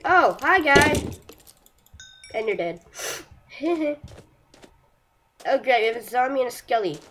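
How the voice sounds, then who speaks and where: A young woman talks her way through a video game in a bright, slow, drawn-out voice, drifting between quiet mutters and sudden yelps at enemies. She mocks herself as she plays. A faint hiss sits under the recording. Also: high-pitched. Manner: excitable, yelps and shouts at enemies, chatty and self-mocking. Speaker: gameplay streamer. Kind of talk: casual live commentary while playing a game.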